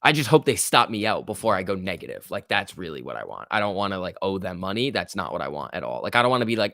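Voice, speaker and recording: Chatty young man livestreaming, low voice. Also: big pitch swings, quick pace, creaky, few pauses, bright, forceful tone, dry recording, studio quality. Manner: chatty, reacts to chat and price moves, cheering the chart on. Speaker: stock market livestream host. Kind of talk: casual live-stream chat reading viewer comments.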